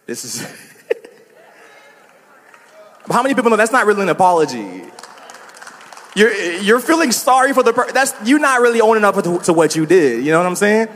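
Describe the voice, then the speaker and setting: A man's voice: sits high, big pitch swings, normal speed, long pauses, a bit bright, in a large hall, some chatter behind. A man preaching a sermon as a pastor, talking casually to the congregation with asides and laughs.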